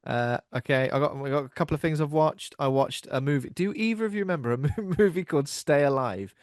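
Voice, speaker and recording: A man's voice: fairly high pitch, fast talker, no room sound, studio quality. A man co-hosting a horror podcast in casual chat, laughing often and joking. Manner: laughs often, jokey and chatty. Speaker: podcast co-host.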